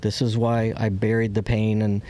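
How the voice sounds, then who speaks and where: A man's voice: lowish voice, level tone, moderate pace, dark tone. A man candidly telling a personal story as a podcast guest. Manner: candid, acts out quoted voices.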